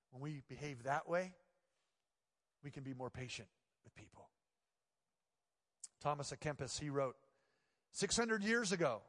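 Guy pastor joking around mid-sermon, kinda high voice, big echoey church sound. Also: moderate pace, pauses often. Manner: conversational and playful, dropping to quiet earnest tones.

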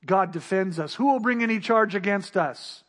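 A pastor delivering a sermon, building emphatic rhetorical questions and repeated refrains. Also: male voice, high voice, animated, normal speed, a bit bright. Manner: emphatic preaching.

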